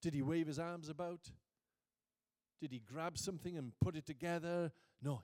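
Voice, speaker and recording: A man preaching a sermon, moving from quiet reflection to booming emphasis and reading scripture slowly. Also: lively intonation. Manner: reads scripture aloud slowly.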